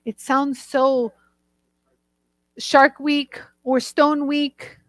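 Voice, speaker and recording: A bubbly, gushing woman from the northern United States chats casually with viewers while hosting a live jewelry tool stream. Her voice sits high, and the sound is dry and close, with no room around it. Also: flat delivery, extremely slow, no room sound. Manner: bubbly, gushing, chatty, laughs often.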